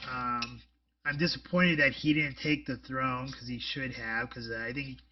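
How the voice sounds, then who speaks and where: A man's voice: mid-range voice, steady tone, a little slow, far from the mic, highs cut off. A man co-hosting a casual podcast chat, rambling with lots of fillers and blunt jokes. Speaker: podcast co-host.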